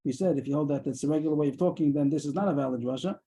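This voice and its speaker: A man teaching a daily Talmud class over a video call, explaining quickly and mixing in Aramaic terms. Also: a little high, dark tone, breathy edge, rough recording.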